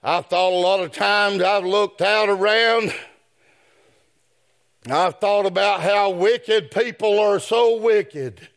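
Man, high ringing voice, gravelly, very slow drawn-out delivery, hollered sermon. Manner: rises to shouted chant, drops to low asides. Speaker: preacher.

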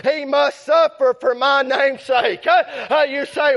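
A man's voice: very high-pitched, fairly even intonation, measured pace, hardly any pauses. A male preacher delivering a chanted revival sermon, punctuating every phrase with a rhythmic "uh, uh.". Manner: rhythmic "uh, uh" breath-chanting between phrases, shouting. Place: church sanctuary. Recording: dull lo-fi recording.

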